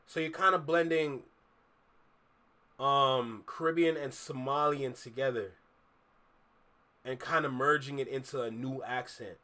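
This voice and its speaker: A Canadian man with a Toronto accent hosts a reaction video, offering casual commentary over a clip. His fairly high, slightly bright voice delivers emphatic, opinionated remarks that repeat their points.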